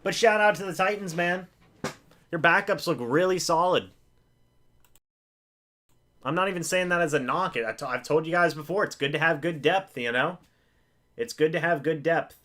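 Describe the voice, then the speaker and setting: A man with a fairly high voice hosts a live reaction to a game. He calls the plays excitedly and begs the players not to mess up. He jokes about the pain of losing. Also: moderate pace, long pauses. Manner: excitable, pleading with players, self-mocking humor. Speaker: live-stream reaction host.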